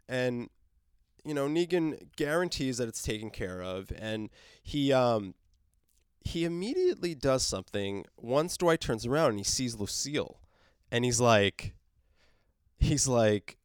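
A man reviews a comic book panel by panel in a loose, rambling way, full of filler words and soft chuckles. His voice is smooth and resonant, and it sits at an ordinary pitch for a man. The sound is close and dry. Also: measured pace, no echo.

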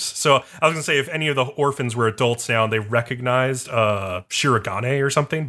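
A man's voice: mid-range voice, sharp tone. A man co-hosting a casual podcast chat, rambling and using lots of filler words. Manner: rambling, heavy use of "like" fillers. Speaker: podcast co-host.

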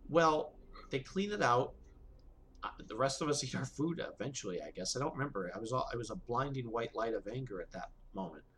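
A man co-hosting a podcast, chatting casually and telling a story with lots of expression, sometimes breaking into loud, high outbursts. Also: fairly quick, a little hiss or hum. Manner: animated storyteller, jumps to loud high bursts for quoted speech. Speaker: podcast co-host.

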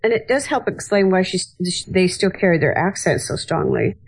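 Woman panelist, low gravelly voice, meandering casual talk. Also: sing-song, normal speed, poor audio. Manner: rambling, hedging with many fillers. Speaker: podcast panelist. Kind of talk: casual discussion.

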